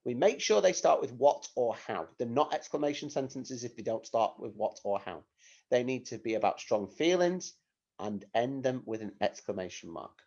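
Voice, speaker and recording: Patiently explaining to young children, a primary school teacher in a recorded lesson gives clear directions and asks them rhetorical questions. He has a mid-range, darkish voice with a sing-song quality and moderate pace, and the recording is dull and lo-fi.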